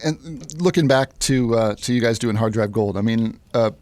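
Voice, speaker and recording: A man hosting a radio live session, interviewing a band with measured, plainly put questions. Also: mid-range voice, darkish tone.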